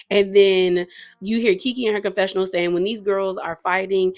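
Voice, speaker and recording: A woman's voice: medium pitch, level tone, normal speed, no room sound. A woman chatting through a reality TV episode recap, gossipy and opinionated, acting out quotes from the cast. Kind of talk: casual recap commentary.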